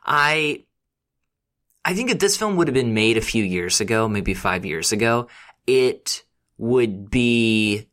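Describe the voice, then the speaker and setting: A man's voice: mid-range voice, lively intonation, slow pace, fairly bright tone. A man co-hosting a film podcast, speaking in a thoughtful, hesitant way, with sighs. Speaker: podcast co-host. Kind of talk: casual podcast conversation.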